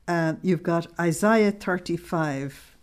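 A woman giving a spiritual lesson to a small group, explaining slowly and using plain everyday examples. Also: lowish voice, a little mellow. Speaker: religious teacher.

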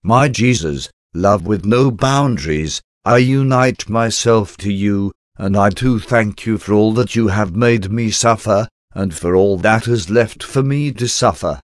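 A man reads a prayerful devotional meditation in a slow, unhurried cadence, each phrase given room. His voice sits on the low side, and the recording is dry and close with no room sound. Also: no room sound. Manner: slow, solemn, intimate prayer addressed to Jesus. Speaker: devotional reader.

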